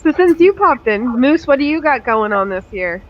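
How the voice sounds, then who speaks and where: A man's voice: very high-pitched, very animated, dull audio, a crowd in the background. A man from the Canadian Maritimes with a Maritime accent, chatting playfully on a livestream. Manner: playful, quick. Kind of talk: casual livestream chat.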